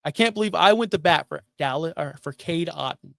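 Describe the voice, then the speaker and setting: Give me a middle-aged male host with a smooth, dry close-mic sound, joking and ranting in a casual way. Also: on the high side, brisk, dry recording. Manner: animated, sarcastic, jokey rants. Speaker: fantasy football podcast host. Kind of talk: casual sports talk.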